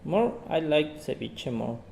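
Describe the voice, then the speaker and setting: Slow, halting man. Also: fairly high pitch, sing-song, gravelly, background noise. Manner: slow and halting, restarts phrases. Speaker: English learner. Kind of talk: answering practice questions and reading aloud.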